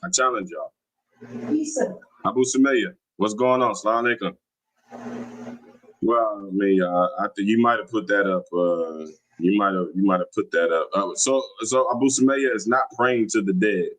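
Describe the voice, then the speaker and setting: A man's voice: on the low side, normal speed, fairly bright tone, rough recording. A man hosting a religious livestream, arguing his points and reading out viewer comments, often repeating himself. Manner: argumentative, challenging, repeats himself. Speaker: livestream host.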